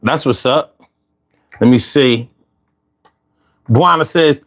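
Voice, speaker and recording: A man hosting a casual podcast stream, reading chat comments aloud and riffing in a profane, animated way. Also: mid-range voice, slow pace. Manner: profane, animated, riffs into rhymes.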